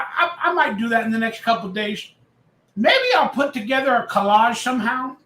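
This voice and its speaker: Loud, rambling tipsy man, high voice. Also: roomy sound. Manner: rambling, loud, reads chat aloud. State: a little tipsy. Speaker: livestream host. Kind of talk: casual livestream chat.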